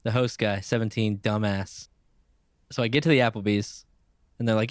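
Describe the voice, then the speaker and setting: A man's voice: lowish voice, a little fast, no echo, clean studio sound. A man co-hosting a podcast, telling a rambling, profane story in casual chat. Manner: profane, animated anecdote-telling with laughs. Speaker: podcast co-host.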